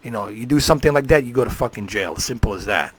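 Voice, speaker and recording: A man ranting into a desk mic on his live stream, loud and profane, hardly pausing. His voice sits at an ordinary pitch. The room sound is dry and close. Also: lively intonation, husky, dry recording.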